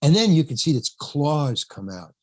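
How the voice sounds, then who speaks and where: A man's voice: a little high, sing-song, moderate pace, darkish tone. An older man, an actor, telling a rambling backstage story in a podcast interview, acting out the quotes, laughing often and swearing now and then. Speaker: actor guest.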